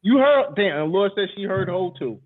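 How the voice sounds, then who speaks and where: A fairly high-pitched man hosting a podcast, teasing and slangy, reading shout-outs in a loose way. His voice sounds thin and phone-like, bone-dry with no room around it. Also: big pitch swings, a little fast, dry recording. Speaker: podcast host. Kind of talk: casual podcast talk.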